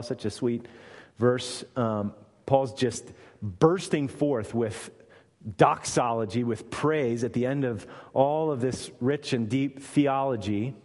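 A man's voice: mid-range voice, a little mellow, big-room sound. A man preaching a sermon, emphatic and full of rhetorical questions to his listeners.

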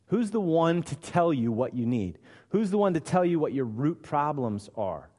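A man preaching a sermon, acting out quoted voices and swinging between loud and hushed delivery. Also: on the high side, very animated, moderate pace. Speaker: pastor. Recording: long hall reverb.

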